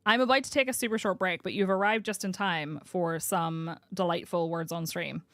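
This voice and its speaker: A woman's voice: lowish voice, steady tone, moderate pace, fairly bright tone, no room sound, studio quality. A young Northern Irish woman streaming a survival game, chatting and rambling with frequent laughs. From Northern Ireland. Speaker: variety streamer. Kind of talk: casual live-stream commentary.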